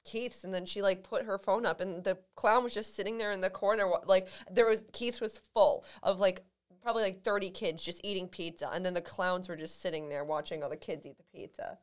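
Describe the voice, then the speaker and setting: A woman's voice: medium pitch, steady tone, brisk. A young woman in her twenties, co-hosting a podcast in a casual, rambling chat full of fillers. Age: 20s. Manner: chatty, rambling, many fillers. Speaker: podcast co-host.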